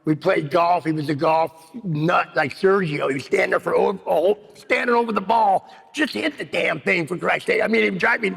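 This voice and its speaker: A man's voice: sits high, moderate pace, creaky, fairly bright tone, slightly rough. A man giving a rambling personal recovery share at a meeting, full of "you know what I mean.". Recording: long hall reverb.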